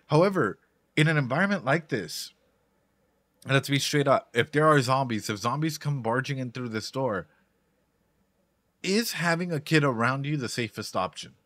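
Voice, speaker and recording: A man's voice: medium pitch, expressive, moderate pace, fairly bright tone, no echo. Male streamer, chatty reaction host, stumbles and repeats himself, dry close sound. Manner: rambling, repeats words, talks to chat. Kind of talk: casual live-stream commentary.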